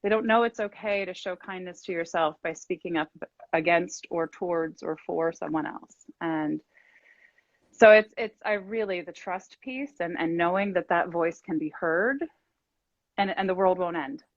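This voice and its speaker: A woman's voice: fairly low pitch, moderate pace, dry recording. A middle-aged woman hosting a casual live-stream chat as a life coach, encouraging and affirming as she talks at length. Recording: dull lo-fi dry sound.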